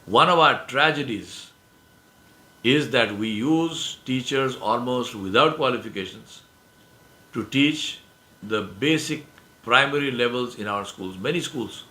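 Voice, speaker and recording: A man's voice: medium pitch, lively intonation, unhurried, sharp tone, reverberant. A man giving a religious lecture to an audience, emphatic, repeating key phrases and asking rhetorical questions. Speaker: speaker giving a presentation.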